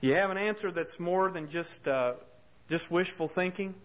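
A man's voice: high voice, moderate pace, rough recording. A man preaching a sermon, telling a story earnestly and building to impassioned rhetorical questions. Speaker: pastor.

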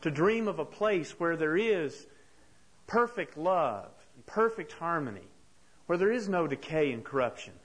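A man's voice: on the high side, very animated, a little slow, fairly bright tone, husky, poor audio. A man preaching a sermon, telling a story earnestly and building to impassioned rhetorical questions. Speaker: pastor.

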